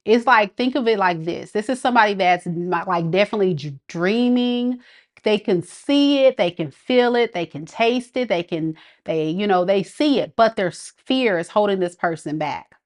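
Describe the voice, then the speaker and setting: A woman's voice: medium pitch, animated, normal speed. Chatty woman giving a live tarot reading. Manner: chatty, affectionate, laughs often. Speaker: tarot reader.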